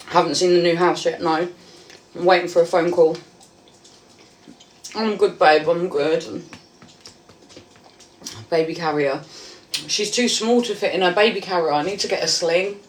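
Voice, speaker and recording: A woman's voice: lowish voice, measured pace, long pauses, a little hiss or hum. A woman, a livestreamer and new mother, chatting casually and affectionately with her viewers from home while reading out their messages.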